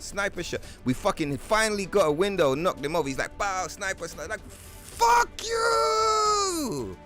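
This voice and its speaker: A man commenting loosely on a video game stream, cursing every few words. His voice sits at a middle pitch for a man, with faint music running underneath. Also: fairly bright tone. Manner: profane, swears constantly. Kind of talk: casual gaming stream commentary.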